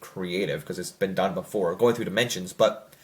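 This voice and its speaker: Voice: deep voice, steady tone, fairly quick. A young adult film reviewer in casual, rambling commentary, full of fillers and self-corrections, who slips into mocking quoted voices.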